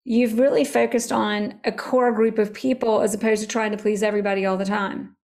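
A woman's voice: medium pitch, fairly quick. A woman hosting a casual podcast interview, talking with energy and enthusiasm. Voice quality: energetic and enthusiastic, fond of emphatic asides. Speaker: podcast host.

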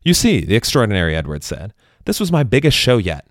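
A man's voice: fairly low pitch, huge pitch swings, fast, no room sound, studio quality. A man voicing a proud, grandiose male stage magician in a spoken story. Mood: boastful. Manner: grandiose, self-congratulating, apologetic when explaining.

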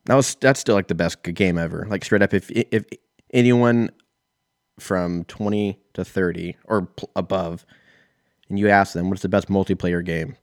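A man's voice: low voice, fairly even intonation, normal speed, no room sound, studio quality. A man in his thirties, telling a rambling, profane, self-mocking story in a casual solo podcast. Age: 30s. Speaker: podcast host.

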